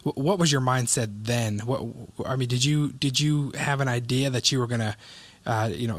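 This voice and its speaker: A man's voice: medium pitch, fairly even intonation, fairly quick, no room sound. Interview host: man, mid voice, curious and probing, dry close sound. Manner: probing questions, relating own experience. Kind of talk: interview conversation.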